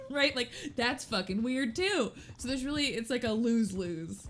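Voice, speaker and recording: A woman's voice: on the high side, expressive, a little slow, a bit bright. Chatty, laughing woman streamer in her thirties. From Texas. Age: 30s. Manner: chatty and self-mocking, laughs often and swears casually. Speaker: streamer playing a roleplay game. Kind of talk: casual chat.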